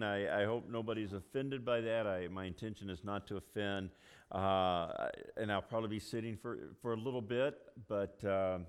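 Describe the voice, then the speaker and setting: Halting man preaching in a reverberant church. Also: fairly low pitch, clean tone. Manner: halting, with many fillers and restarts. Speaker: pastor. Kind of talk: sermon. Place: church sanctuary.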